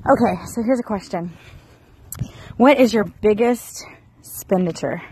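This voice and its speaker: A woman in her thirties talks to her viewers in a loose, chatty way, her voice jumping up in excited bursts and then settling back down. She sits in an ordinary middle range for her pitch, with a faint hiss of noise and outdoor air behind her. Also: unhurried, low-quality recording. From Florida. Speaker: vlogger. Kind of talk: casual vlog chat.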